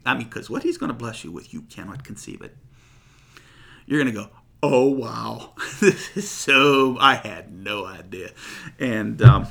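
A man's voice: medium pitch, vocal fry, fairly bright tone. A man giving an informal, earnest Bible teaching in a conversational, digressive way. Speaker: preacher.

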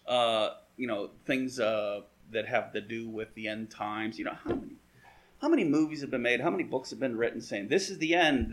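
A man teaching through Bible verses in a rambling, conversational way, full of "you know" asides and dry wry humor. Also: medium pitch.

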